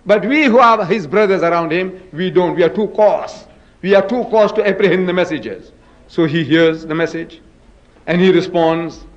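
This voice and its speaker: A man's voice: sits high, normal speed, lo-fi sound. A man giving an emphatic public debate lecture, firing rhetorical questions at the audience and dramatizing quotes. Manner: dramatic, acts out scripture quotes. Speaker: speaker in a religious debate.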